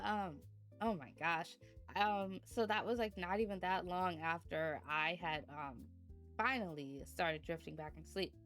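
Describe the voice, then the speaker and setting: A young adult woman streamer chatting casually about a sleepless night, laughing often and breaking into bursts of mock outrage, sleepy and yawning. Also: on the low side. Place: indoors at home.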